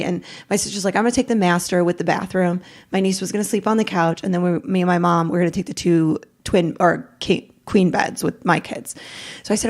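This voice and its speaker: A woman's voice: fairly low pitch, a little fast. Middle-aged woman, podcast guest, emotional storytelling, rambling, quotes everyone she talks about. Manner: rambling, animated retelling with quoted dialogue.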